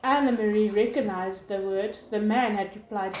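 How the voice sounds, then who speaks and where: A woman teacher reading a novel aloud in steady storybook narration. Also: medium pitch, normal speed, hardly any pauses. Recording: echoey room with faint hiss.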